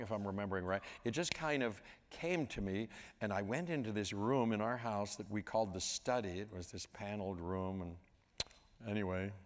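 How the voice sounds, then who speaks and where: A lower-voiced man in his sixties from Pittsburgh tells stories from a stage, drifting through halting asides. His voice rings out in the long reverb of a large hall, with an audience present. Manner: meandering, halting, with sung scat sounds. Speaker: interview guest. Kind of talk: storytelling onstage conversation. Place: large auditorium.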